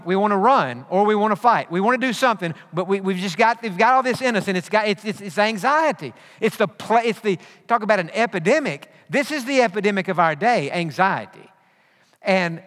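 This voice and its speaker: Heard through long hall reverb, a man preaches earnestly as pastor, repeating himself and often restarting phrases. His voice is high-pitched and a bit bright.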